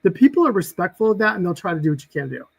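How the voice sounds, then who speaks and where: A man's voice: sits high, very fast, gravelly, poor audio. A man, a guest on a casual podcast, telling work stories and acting out the people in them. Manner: animated storyteller, acts out quoted exchanges.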